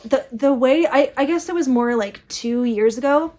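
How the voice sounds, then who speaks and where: A young woman with a fairly high voice chats casually to camera as a vlogger. She talks in animated bursts, trips over her own starts and swerves into quick asides. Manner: animated, self-interrupting, quick asides with laughs. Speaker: book vlogger.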